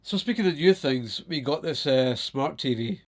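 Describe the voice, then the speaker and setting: A Scottish man chatting to camera in a loose, storytelling way. He is animated, breaks into laughter often and swears without a second thought, at a mid-range pitch. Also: unhurried. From Scotland. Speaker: vlogger.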